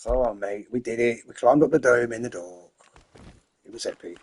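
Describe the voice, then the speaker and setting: A man's voice: mid-range voice, fairly quick, darkish tone, slight background noise. An English man giving rambling, chatty commentary while playing a game, talking to himself and his in-game horse. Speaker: gamer, channel host. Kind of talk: casual gameplay commentary.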